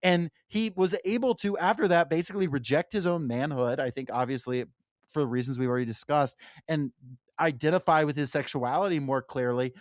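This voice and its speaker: A man's voice: fairly high pitch, a little fast, no room sound, clean studio sound. A young man co-hosting a podcast, discussing a novel in a loose, profane way with many fillers. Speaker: podcast co-host. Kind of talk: casual book discussion.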